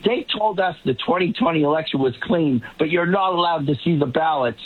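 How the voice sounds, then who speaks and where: Husky guy on a tinny remote feed, slightly higher voice, emphatic political panel talk, keeps restarting. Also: expressive, brisk. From Boston area. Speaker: panel guest.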